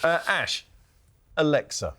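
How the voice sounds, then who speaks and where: Male panellist, teasing questioner, animated swinging pitch, slightly high voice. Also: takes it slowly. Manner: teasing, quizzing the others with questions. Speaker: co-host panellist. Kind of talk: comic grumbling panel chat. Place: TV studio.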